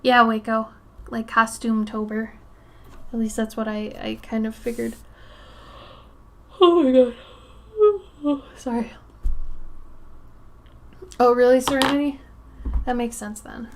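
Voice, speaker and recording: Minnesota gal hosting her art stream, kinda high voice, takes her time, giggly and tripping on words. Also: little pitch movement, slow pace, long pauses, a little hiss or hum. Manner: chatty, laughs often, trips over words. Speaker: art livestream host. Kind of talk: casual livestream chat with viewers.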